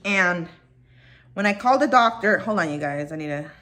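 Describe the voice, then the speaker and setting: A woman's voice: lowish voice, animated, moderate pace, pushed and bright. Upset woman venting to camera. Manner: upset, rambling, swears freely. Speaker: vlogger. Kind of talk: casual personal vlog, venting. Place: at home, dog nearby.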